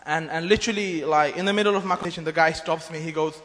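A man's voice: on the high side, fairly even intonation, racing, a bit bright. Earnest man, ringing hall. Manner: earnest, rambling storytelling with many restarts. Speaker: mission team member giving testimony. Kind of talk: church testimony. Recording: long hall reverb.

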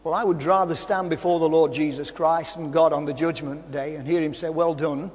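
A man preaching a sermon, storytelling and impassioned, often rising to shouts. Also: fairly high pitch, steady tone, a little fast. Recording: hall reverb.

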